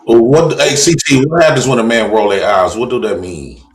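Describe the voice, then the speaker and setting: A man's voice: mid-range voice, fairly quick. Male caller, mid-range voice, asks probing, leading questions. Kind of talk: call-in stream chat.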